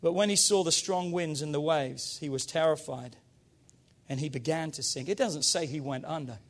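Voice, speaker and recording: A man preaching a sermon as pastor, energetic and emphatic, urging his congregation on. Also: a little high, normal speed.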